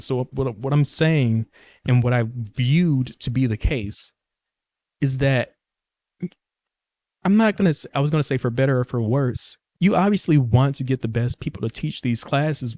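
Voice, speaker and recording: A young man hosts his own podcast, delivering a casual solo monologue that rambles and jokes, drifting between thoughts and often correcting himself mid-sentence. His voice is mellow and middle-pitched, recorded close and dry with no room echo.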